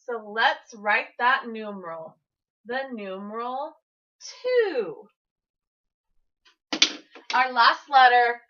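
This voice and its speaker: Upbeat woman teacher, bright tense voice, slow and careful, kinda muffled lo-fi sound. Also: mid-range voice. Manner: encouraging, sing-song, speaks to young children. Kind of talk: early-grade classroom lesson. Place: classroom.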